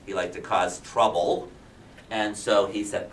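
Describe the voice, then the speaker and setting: A man's voice: on the low side, steady tone, measured pace, slight background noise. A male kindergarten teacher animatedly telling a picture-book story to young children, often asking them questions. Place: classroom. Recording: roomy classroom from a distance.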